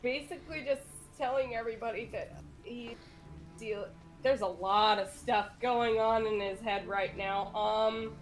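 A woman's voice: on the high side, steady tone, measured pace, faint music behind, poor audio. A woman playing a tabletop game, talking casually and thinking aloud with fillers. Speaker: player.

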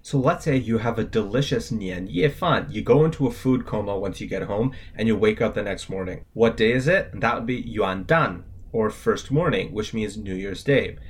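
A man with a low, slightly husky voice co-hosts a scripted language lesson. He spells out each word letter by letter and names its tone, keeping things casual and upbeat. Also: normal speed, hardly any pauses. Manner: spells out words letter by letter with tones.

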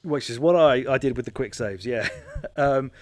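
A man's voice: medium pitch, normal speed, no room sound, clean studio sound. A man co-hosting a casual podcast, chatty and self-mocking, with some swearing. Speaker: podcast co-host. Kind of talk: casual chat.

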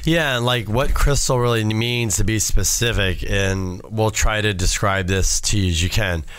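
A man co-hosting a podcast with a nasal voice from a cold, talking in a relaxed, rambling way. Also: on the low side, moderate pace, smooth, dry recording. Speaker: podcast co-host. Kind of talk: casual podcast chat.

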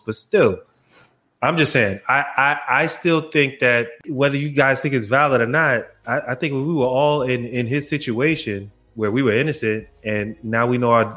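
Animated male podcast co-host. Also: medium pitch, a little fast. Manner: animated, repeats himself, quotes people in their voices. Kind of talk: casual podcast discussion.

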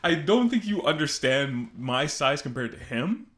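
A young man co-hosting a podcast, telling a work story in a rambling, animated way with frequent restarts. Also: a little high, unhurried. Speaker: podcast co-host. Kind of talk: casual storytelling chat.

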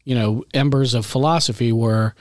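A man's voice: mid-range voice, fairly even intonation, moderate pace, no echo. A man co-hosting a podcast in casual chat, with dry, wry humor as he walks through a story. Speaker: podcast co-host.

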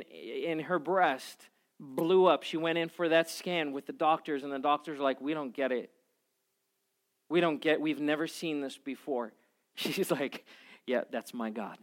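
A man preaching as a pastor, moving from quiet prayer to lively, animated storytelling. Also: on the high side. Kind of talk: sermon.

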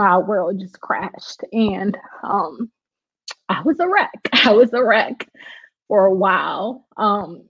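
A woman gives a personal testimony in a halting, emotional way, with lots of filler words between thoughts. Her voice sits in a middle range. The recording is dull and lo-fi, with a dry, close sound. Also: medium pitch, no echo. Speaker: bereaved mother telling her story.

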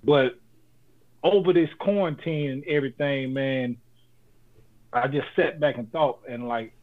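A man's voice: medium pitch, unhurried. A man co-hosting a casual podcast, talking in a laid-back, joking way and giving motivational advice. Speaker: podcast co-host. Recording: phone-like lo-fi audio.

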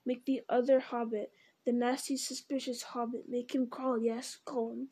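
A woman's voice: a little high, level tone, normal speed, dark tone, breathy edge. A woman voicing a wretched male creature who argues with himself in a whining, wheedling voice. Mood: greedy. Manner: whining, wheedling, hissing repetitions. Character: wretched creature, male, split into two bickering selves.

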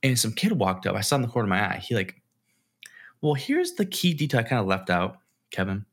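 Fairly quick and mid-range in voice, a young man co-hosting a podcast shares a story in casual chat, bringing it to life by acting out the quotes.

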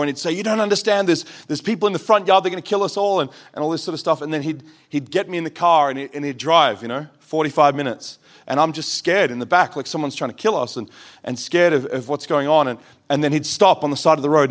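Male preacher, mid-pitched, earnest testimony-style delivery with acted quotes. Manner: earnest storytelling with quoted voices. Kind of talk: sermon testimony.

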